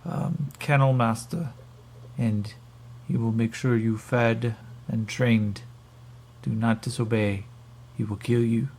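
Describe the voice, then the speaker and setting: A man's voice: mid-range voice, steady tone, drawn-out words, hardly any pauses, dark tone. A man voicing a stern alien slaver woman with a put-on Russian accent.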